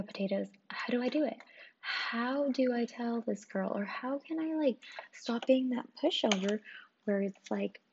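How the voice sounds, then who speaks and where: A young woman telling a story in a casual vlog, chatty and profane, full of "like" and "um". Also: medium pitch. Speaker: vlogger. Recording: dull lo-fi audio with clear noise.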